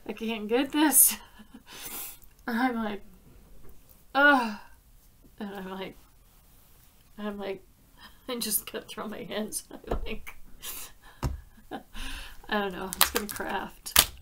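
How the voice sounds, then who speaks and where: A woman's voice: medium pitch, fairly even intonation, slow pace, pauses often, pushed and bright, slight background noise. A woman hosting a crafting vlog, chatting in a heartfelt way and laughing often. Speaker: card-making crafter. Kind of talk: casual crafting vlog chat.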